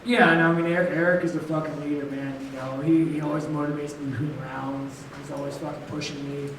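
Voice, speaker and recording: Guy swearing his way through press conference answers, blunt and rambly, high voice, echoey room with a little hiss. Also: little pitch movement, fairly quick, a bit bright. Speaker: fighter at post-fight press conference. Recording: echoey room, heard from a distance, faint noise.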